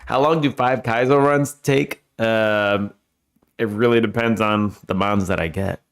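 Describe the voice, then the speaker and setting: A man's voice: lowish voice, steady tone, unhurried, smooth. A man streaming a video game live and making casual, joking asides with frequent laughs. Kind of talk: casual gameplay commentary.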